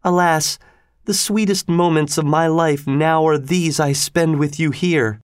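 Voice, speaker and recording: A man voicing a young sorceress queen who pleads in a raised, drawn-out voice. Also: no room sound, clean studio sound, lightly acted. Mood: sorrowful pleading. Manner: pleading, pitched high and drawn out. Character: grieving, then vengeful young sorceress queen.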